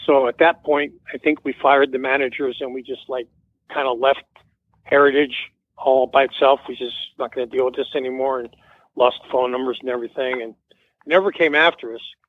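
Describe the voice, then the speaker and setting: A musician appearing as an interview guest tells a rambling, casual anecdote, acting out the quoted dialogue. His mid-range voice holds a steady tone at normal speed, with no echo, over a tinny, dry phone line.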